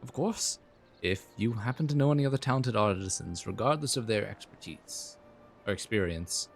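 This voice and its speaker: A man's voice: on the low side, normal speed, gravelly, a little hiss or hum. A man reading as a courteous guild master. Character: polite male craft guild master.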